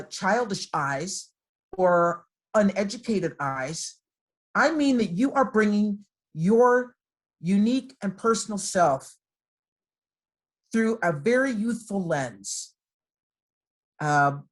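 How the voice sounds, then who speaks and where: Encouraging woman speaking on a video call. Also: medium pitch. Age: middle-aged. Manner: warm, encouraging, storytelling. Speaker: guest speaker. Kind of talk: talk to students over a video call. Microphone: computer microphone on a video call.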